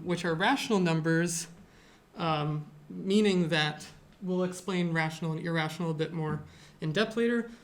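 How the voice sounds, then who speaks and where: Music teacher, mid-range voice, informal classroom lecture, chatty and meandering with many fillers. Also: mid-range voice. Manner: loose and chatty, with frequent fillers and self-corrections. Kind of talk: casual lecture.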